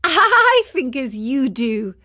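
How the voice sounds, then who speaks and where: A woman's voice: fairly high pitch, expressive, unhurried, fairly bright tone. A woman voicing a cheeky, cheerful wooden puppet boy in a storybook reading, teasing and playful. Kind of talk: audiobook character reading.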